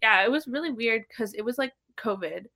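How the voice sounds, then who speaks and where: Bright-voiced chatty young woman. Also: fairly high pitch, animated, brisk, creaky. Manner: chatty, storytelling, many likes and fillers. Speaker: guest drummer and drum teacher. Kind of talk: casual podcast interview.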